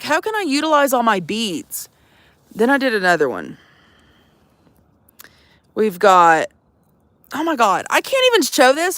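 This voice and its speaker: A young vanlife livestreamer chats casually and sassily from her van, swearing, teasing her viewers, and calling them "y'all." Her high voice is bright and forceful, with no room sound.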